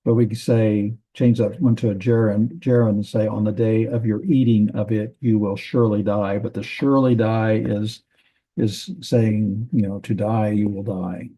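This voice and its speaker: A man teaching a grammar lesson from a Bible language textbook, methodical, repeating words and pausing with fillers. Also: fairly low pitch, steady tone, dark tone, breathy edge, poor audio.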